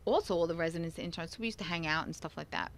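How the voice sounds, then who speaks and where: A woman's voice: lowish voice, rapid-fire, slight background noise. Chatty woman telling stories animatedly. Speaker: co-host. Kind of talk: casual chat.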